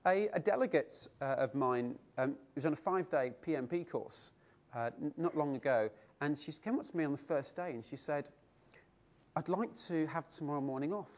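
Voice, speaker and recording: A middle-aged man gives a keynote speech in a conference hall, speaking slightly high and a little fast. He tells lively stories and asks his audience rhetorical questions.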